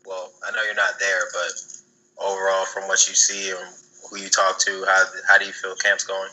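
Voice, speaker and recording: A young man co-hosting a casual podcast, asking questions in a relaxed way. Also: sits low, moderate pace, low-quality recording. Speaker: podcast co-host.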